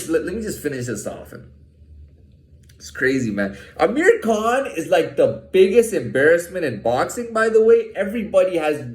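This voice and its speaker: A man rants with heat, cursing and tripping over his words, piling up "like" and "man." His voice sits a bit high and swings widely in pitch. The sound bounces around a roomy space. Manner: heated, profane, stammering with repeated fillers. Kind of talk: casual rant.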